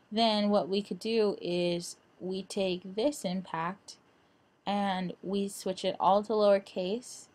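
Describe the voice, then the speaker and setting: An instructor, a young woman with a middle-pitched voice, takes her time guiding a screen-recorded design lesson. Her speech is halting, full of fillers and restarts.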